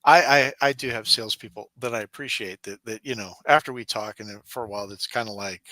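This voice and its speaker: A man's voice: lowish voice, quick pace, few pauses, pushed and bright, no echo, low-quality recording. A man co-hosting a podcast, telling workplace stories in casual chat, acting out the people he quotes and laughing often. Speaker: podcast co-host.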